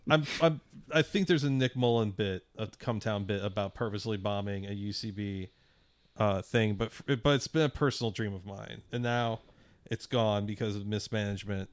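A man co-hosting a podcast, talking in halting starts and repeats with dry jokes. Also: on the low side, no echo. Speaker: podcast co-host. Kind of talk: casual podcast banter.

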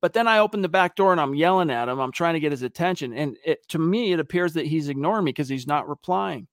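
Animated man hosting a sports podcast. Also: a little high, fast talker, no echo, clean studio sound. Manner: animated storyteller, acts out quotes. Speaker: podcast host reading viewer questions. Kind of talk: casual sports podcast talk.

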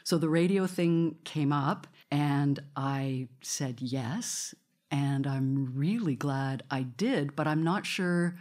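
A woman's voice: sits low, slow, a little mellow. A woman radio host telling stories in a live studio conversation, chatty and often laughing.

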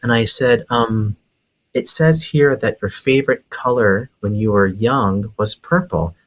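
A man from Hawaii, a psychic medium on a podcast, telling a story in a lively way and laughing as he goes. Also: lowish voice, measured pace. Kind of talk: casual storytelling.

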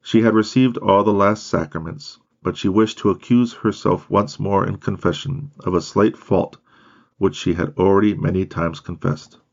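Deep, gravelly male audiobook reader. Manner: measured, steady reading with occasional slips. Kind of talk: reading a biography aloud. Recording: dull lo-fi recording.

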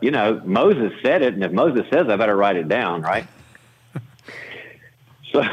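A man's voice: husky, highs cut off. A man talking through ideas and stories in an interview, acting out the people he quotes with jumps in his voice. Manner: animated, acts out quoted voices with pitch jumps. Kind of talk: conversational storytelling interview.

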